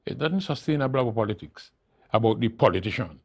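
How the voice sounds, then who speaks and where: A man's voice: medium pitch, animated, fast, creaky, a little mellow, dry recording, clean studio sound. Emphatic older Trinidadian man guest. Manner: emphatic, repeats key phrases for emphasis. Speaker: interview guest, political leader. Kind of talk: studio talk show interview.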